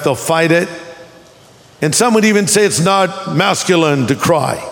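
A man preaching a sermon as a pastor, with emphatic swings in pitch and deliberate slowdowns for emphasis. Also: a bit bright. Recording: long hall reverb.

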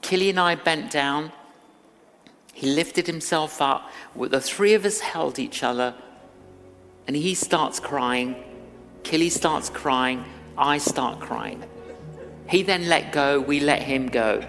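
A minister telling a personal story, acting out the dialogue in a lively storyteller's way. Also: male voice, fairly high pitch, slow pace, long pauses, long reverb tail, faint music behind. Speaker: guest minister. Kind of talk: storytelling sermon-style talk.

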